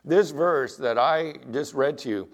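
A man's voice: on the high side, measured pace. A middle-aged man preaching a sermon as pastor, earnest and emphatic, weaving in personal anecdotes.

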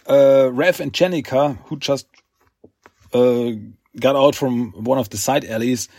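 A man hosting a podcast, recapping a comic book in a rambling, halting way with fillers. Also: medium pitch, fairly even intonation, darkish tone, no echo. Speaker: podcast host.

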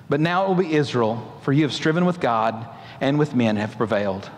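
A man's voice: mid-range voice, expressive, fast, a little mellow. A male pastor preaching a sermon, asking the congregation emphatic questions and acting out the voices in a story. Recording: long hall reverb.

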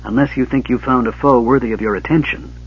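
A man voicing a sinister, scornful male mage who speaks in a low hiss. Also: fairly even intonation, quick pace, breathy edge, natural voice. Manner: hissing, whispered menace. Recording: dull lo-fi audiobook recording.

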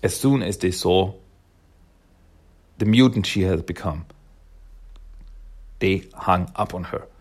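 A man recapping a comic book issue in casual speech, hesitant and emotional. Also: deep voice. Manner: hesitant, emotional, many fillers and restarts.

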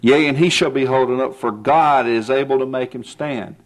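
A man's voice: medium pitch, normal speed, few pauses. Earnest male preacher giving a sermon. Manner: earnest, rising to emphatic peaks; folksy, asks "see?" often.

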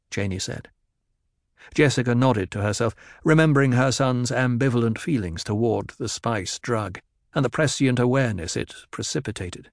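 A man reads a novel aloud in a measured, even way, his voice in the middle range for a man. The recording is close and dry, with no room sound. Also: medium pitch, dry recording. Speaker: narrator. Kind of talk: audiobook narration.

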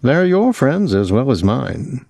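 A man's voice: medium pitch, very animated, slow, gravelly, a little mellow, no room sound, clean studio sound, voice pushed up, full character voice. A man voicing a flushed, slightly drunk young husband who talks in a reproachful, wheedling way. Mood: pleading.

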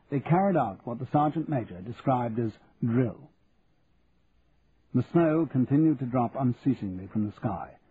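A man narrates a book in a measured, steady voice of middling pitch. The recording is narrow and phone-like. A faint hiss sits behind him. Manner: measured and even. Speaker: audiobook narrator. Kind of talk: scripted narration.

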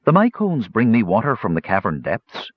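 A man reads as an ancient male dragon, polite and unhurried, with a husky, dry voice. The recording is dull and lo-fi. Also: lowish voice, huge pitch swings, dry recording, exaggerated voice. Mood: courteous. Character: ancient wise male dragon host, courteous.

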